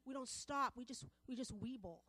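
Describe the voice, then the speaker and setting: A woman's voice: fairly high pitch, normal speed, sharp tone, no room sound. A woman preaching a sermon to a women's group, passionate and repetitive, building in volume as she presses her points.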